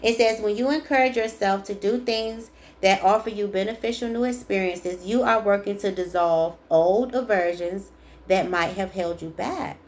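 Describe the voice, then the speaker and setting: A woman's voice: medium pitch, moderate pace. A woman doing a casual spiritual tarot card reading, chatty and emphatic, reading card texts aloud and repeating the key lines. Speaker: tarot reader.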